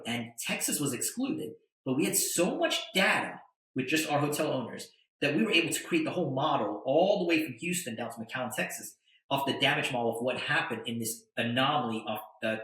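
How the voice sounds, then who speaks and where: A middle-aged man telling a long story in a podcast interview, animated and acting out what people said. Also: mid-range voice, echoey room, low-quality recording. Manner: animated storyteller, acts out quotes. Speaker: guest, attorney and entrepreneur.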